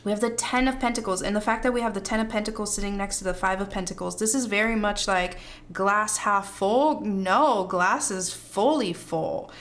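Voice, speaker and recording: A woman's voice: mid-range voice, moderate pace, fairly bright tone. A woman doing a pick-a-card tarot reading, gushing and hyping the viewer up with slangy, effusive talk and frequent laughs. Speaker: tarot reader.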